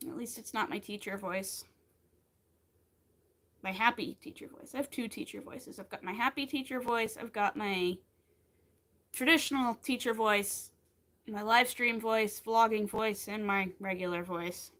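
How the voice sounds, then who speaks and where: A woman's voice: mid-range voice, measured pace, fairly bright tone. A woman in her thirties chatting in an upbeat way with viewers as she crochets on a live stream. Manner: chatty, upbeat, talks to viewers between stitches. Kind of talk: casual live-stream chat while crocheting.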